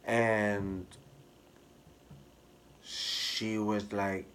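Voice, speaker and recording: A man candidly telling a personal story to camera in an expressive, drawn-out way. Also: on the low side. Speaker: hairstylist vlogger.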